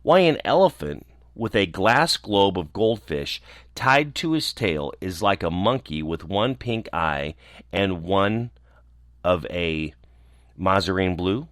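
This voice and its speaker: A man voicing a quick-witted, forward young male gnome who chatters eagerly in a storybook. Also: deep voice, expressive, no echo, studio quality. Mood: chattering.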